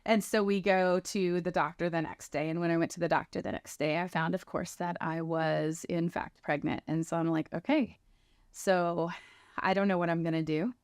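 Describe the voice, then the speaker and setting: A woman's voice: on the low side, steady tone, normal speed, clean tone, no echo, clean studio sound. A woman in her thirties sharing a personal testimony, earnestly telling her story and acting out what people said to her. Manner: earnest storytelling, acts out quoted dialogue.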